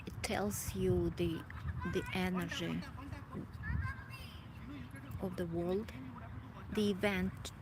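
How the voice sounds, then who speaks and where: A woman speaks slowly in a low voice, pausing and restarting as she hunts for the right words. She sounds emotional as she reflects aloud in a personal vlog. Heavy background noise runs under her voice the whole time. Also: flat delivery. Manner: halting, searching for words, many restarts. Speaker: vlogger.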